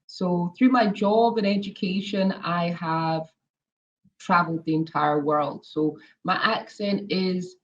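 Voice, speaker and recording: A woman's voice: on the low side, slow pace. Chatty Scottish woman, Edinburgh accent. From Scotland. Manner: chatty, laughs often, many ums. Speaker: guest, former model. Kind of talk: casual interview. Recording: dull lo-fi audio.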